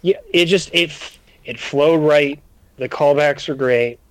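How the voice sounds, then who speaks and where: A man co-hosting a podcast in relaxed, chatty conversation. His voice sits slightly high, and it is recorded close and dry. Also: unhurried, no room sound, low-quality recording. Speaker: podcast co-host. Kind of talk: casual chat.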